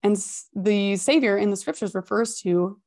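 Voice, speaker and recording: A woman hosting a healthy-habits podcast, giving expressive, high-energy motivational advice with emphatic repetition. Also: moderate pace. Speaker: podcast host and habits coach. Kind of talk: motivational self-help talk.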